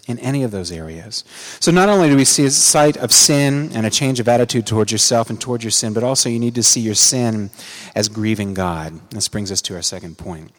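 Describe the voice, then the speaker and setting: A man preaching a sermon, earnest, climbing to emphatic peaks and dropping low for quiet asides. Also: long reverb tail. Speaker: pastor.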